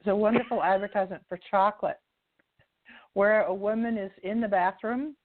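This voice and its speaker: A woman's voice: mid-range voice, fairly even intonation, brisk. A woman author speaking as a guest on a radio talk show, telling stories in a chatty way and laughing often. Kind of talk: casual radio interview. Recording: phone-line call-in sound.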